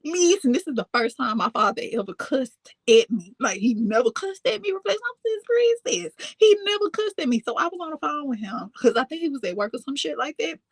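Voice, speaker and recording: A woman telling a casual, profane storytime tale, full of animated asides and sudden high excited squeals. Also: brisk, no room sound. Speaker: storytime vlogger.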